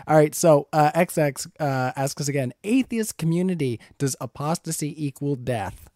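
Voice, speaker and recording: A man moderating a debate, reading out audience questions in a relaxed, easygoing way. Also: fairly high pitch, normal speed, no room sound, clean studio sound. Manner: relaxed, laughs easily.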